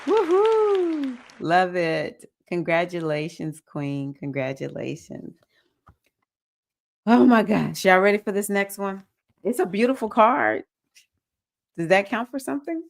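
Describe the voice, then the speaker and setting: Host: Southern woman, slightly low voice, upbeat and encouraging, reading comments on a webcam live stream. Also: expressive, slow, vocal fry, pauses often. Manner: warm, encouraging, reads comments aloud and cheers viewers. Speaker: spiritual teacher hosting a live session. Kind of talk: casual live-stream chat.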